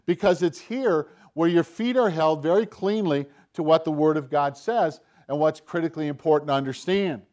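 Guy preaching a sermon, kinda high voice, goes from loud and punchy to real quiet. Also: normal speed, hardly any pauses. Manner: preaching with big swings between loud emphatic lines and hushed low asides; acts out Satan's voice in quoted lines. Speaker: pastor.

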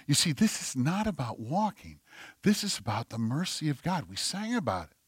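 A male pastor preaching a sermon, animated, swinging between forceful delivery and near whispers. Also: on the high side, moderate pace, husky, no echo, clean studio sound.

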